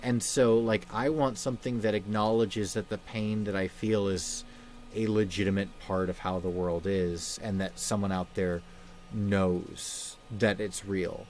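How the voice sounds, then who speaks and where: Subdued halting man on a livestream. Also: on the low side, steady tone, darkish tone, a little hiss or hum. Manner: subdued, halting, many fillers. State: sad. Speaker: livestream host. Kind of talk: casual livestream chat.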